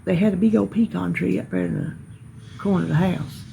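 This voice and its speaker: A woman telling a story about her neighbors outdoors in a folksy, emphatic, animated way. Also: lowish voice, brisk, creaky, slight background noise, poor audio. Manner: folksy, emphatic, animated retelling with hollered quotes. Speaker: vlogger. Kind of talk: casual storytelling.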